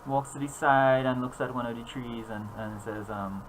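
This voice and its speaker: A man's voice: mid-range voice, steady tone, normal speed, a little hiss or hum, low-quality recording. A man narrating as game master, rambling with frequent fillers and restarts.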